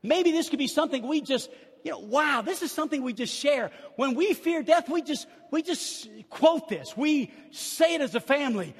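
Older preacher with a high, ringing voice. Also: male voice, moderate pace. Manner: old-timey preaching, swinging from hushed storytelling to shouted exclamations. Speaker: pastor. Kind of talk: sermon. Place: church sanctuary. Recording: long reverb of a large church hall.

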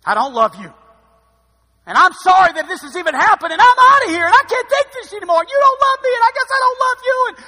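A man putting on a strongman Samson, frantic and exasperated, his voice shooting up into a strained, bright shout. It rings with the long reverb of a big hall. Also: sing-song, fast talker, heavily acted. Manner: frantic, shouting, high-pitched outburst.

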